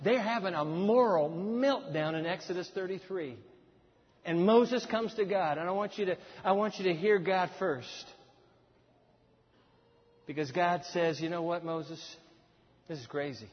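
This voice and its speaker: A man preaching a sermon in a large church, dramatic, with loud emphasis and hushed drops. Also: sits high, a little slow, long pauses, husky. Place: large church auditorium with a screen. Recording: dull, echoey hall recording.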